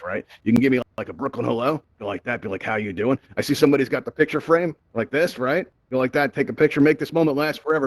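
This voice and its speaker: Quick chatty guy running a vr how-to, headset mic, dry sound, keeps going "right?". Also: medium pitch, no room sound, low-quality recording. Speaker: VR event host. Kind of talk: live virtual-reality tutorial talk. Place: virtual-reality social app, headset mic.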